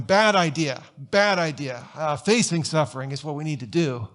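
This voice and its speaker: A man's voice: fairly high pitch, moderate pace, a bit bright. A man pastor giving a conversational sermon in a church sanctuary, telling stories and firing off rhetorical questions.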